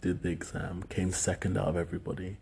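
Man, 30s, UK, deep voice with a rough edge, hesitant and rambling, faint hiss behind. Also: completely flat delivery, fast, a little mellow. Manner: rambling, hesitant with many fillers. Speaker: solo speaker recounting dreams. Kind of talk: casual monologue.

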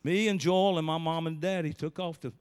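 Man, pastor preaching, high animated voice, long hall reverb. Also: brisk, smooth. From Southern US. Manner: storytelling preacher with big swings in pitch and volume. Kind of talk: sermon.

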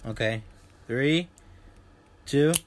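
A young man hosts a podcast with a medium-pitched voice, talking extremely slowly. His casual chat rambles and jokes, he swears often, and he tends to trail off into fillers.

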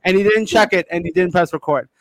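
High-voiced man arguing defensively. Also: fast talker. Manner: defensive, arguing his side. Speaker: podcast co-host. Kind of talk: casual chat.

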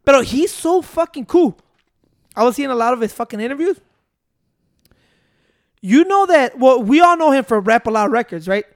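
A man's voice: extremely high pitch, expressive, moderate pace, long pauses. A man co-hosting a podcast in casual banter, swearing freely, dropping Spanish slang and laughing between lines. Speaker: podcast co-host.

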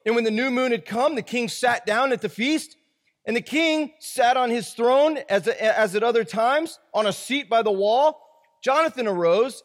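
Male preacher, very high voice, reads scripture and riffs on it casually, recorded in a reverberant hall. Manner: reads scripture aloud, then riffs in slangy asides. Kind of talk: casual Bible-study sermon.

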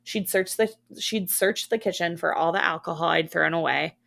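A woman podcast co-host reading a horror story aloud in a hushed, steady manner. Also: lowish voice, normal speed, gravelly.

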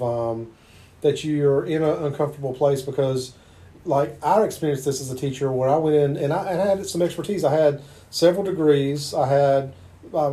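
Southern man interviewing in mellow voice. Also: a little high. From Eastern North Carolina. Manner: chatty, affirming, tells anecdotes. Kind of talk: conversational interview.

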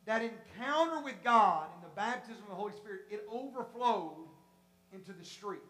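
A Pentecostal preacher giving an impassioned sermon, repeating phrases, rising to shouts, and acting out voices from the congregation. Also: mid-range voice, lively intonation, normal speed, echoey room, a little hiss or hum. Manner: repetitive, acts out congregation voices. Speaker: pastor.

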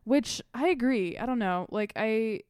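A young woman co-hosting a podcast, recapping a TV episode in a casual, animated way, swearing freely and saying "like" a lot. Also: on the high side, measured pace, smooth, dry recording, clean studio sound. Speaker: podcast co-host. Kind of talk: casual chat recapping a TV show.

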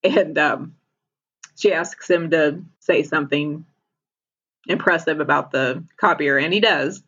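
A woman's voice: deep voice, measured pace, fairly bright tone, slightly rough, muffled recording. A woman casually retelling a TV episode as a podcast co-host, laughing often as she talks.

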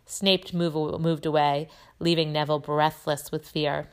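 A woman with a lowish voice reads a chapter book aloud to children. She narrates steadily and clearly, keeping an even, measured pace as a teacher would. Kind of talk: storybook reading aloud.

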